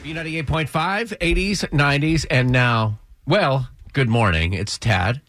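A man hosting a morning radio show, tossing out quick deadpan quips and reading the weather. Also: medium pitch, faint music behind. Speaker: radio host. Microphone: studio microphone.

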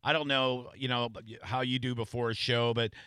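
A man hosting a radio show, with a bright, forceful voice. He rambles through casual stories with plenty of restarts and fillers. The sound is dry and close. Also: medium pitch, little pitch movement, normal speed, clean tone, no room sound. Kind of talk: casual radio interview chat.

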